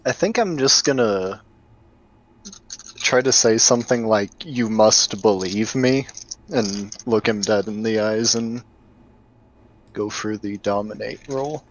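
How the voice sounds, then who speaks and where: A man's voice: lowish voice, unhurried, pauses often. A man playing in a tabletop game, thinking aloud in an easygoing way. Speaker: player. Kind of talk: casual game talk. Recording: slightly muffled lo-fi audio.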